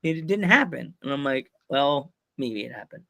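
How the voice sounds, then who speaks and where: A man's voice: medium pitch, animated, normal speed, vocal fry, sharp tone. A man hosting a podcast, telling rambling, jokey stories in casual chat. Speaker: podcast host.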